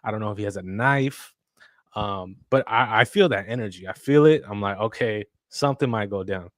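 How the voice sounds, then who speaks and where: Low-voiced man telling a rambling story. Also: normal speed, no room sound, clean studio sound. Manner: rambling storyteller, acts out quotes, many fillers. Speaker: podcast co-host. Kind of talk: casual chat.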